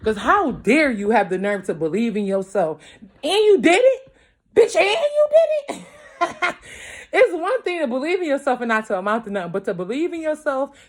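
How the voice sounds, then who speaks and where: A mother, young adult to middle-aged, with a voice on the high side, gives a casual late-night tarot reading from home. Her talk is blunt, profane, and emphatic, and she keeps asking her viewers "you feel me," growing louder as she gets worked up.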